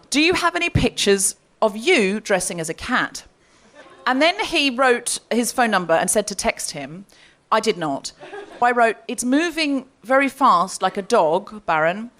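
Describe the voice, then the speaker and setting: Lively high-voiced woman telling a comic story. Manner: animated, laughing as she tells a story. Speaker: comedy podcast host. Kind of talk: live stand-up storytelling. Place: live comedy stage before an audience.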